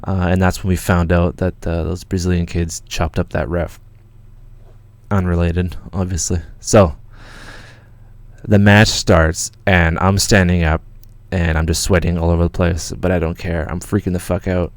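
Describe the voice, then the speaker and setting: A Canadian man hosting a livestream, telling a story in an excited, rambling way with lots of swearing and restarts. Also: low-pitched, normal speed, no echo. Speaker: channel host.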